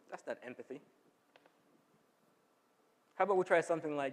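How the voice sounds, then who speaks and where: Man, health seminar speaker, slightly high voice, chatty and casual, long church hall reverb. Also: expressive, fast talker, pauses often. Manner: conversational, often asks the audience "right?". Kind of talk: informal health talk to a church audience.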